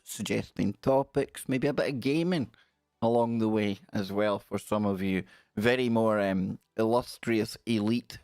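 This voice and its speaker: A man hosting a casual live stream, rambling through friendly shout-outs to his chat viewers. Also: fairly low pitch, no room sound, clean studio sound.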